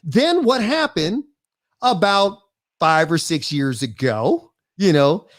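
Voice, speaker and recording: Man in his fifties, fairly high voice, animated rambling storyteller, lots of restarts, casual interview guest. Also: slow. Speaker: guest, real estate investor.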